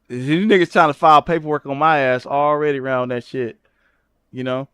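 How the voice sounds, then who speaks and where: A man hosting a livestream, roasting someone loudly and profanely, jumping into shrieking high tones to mock and often asking "you know what I'm saying". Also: fairly even intonation, moderate pace, clear, resonant tone, no room sound, studio quality. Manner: loud mocking roasting with shrieking high jumps. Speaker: livestream host. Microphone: streaming setup at a computer.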